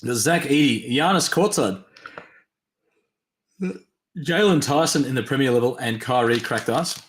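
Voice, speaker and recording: A man's voice: mid-range voice, roomy sound. Tired man hosting a card break. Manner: chatty, reads team names and cards in quick lists. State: tired and yawning. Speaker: trading card break host. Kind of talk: live-stream card break commentary. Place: at a desk during a live stream.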